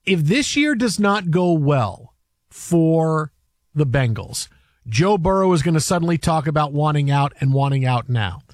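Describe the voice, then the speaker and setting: Sports radio host, male, high voice, dry studio sound, rambling animated storyteller. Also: a little slow, no room sound. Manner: animated storytelling, many restarts and fillers. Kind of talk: casual sports talk.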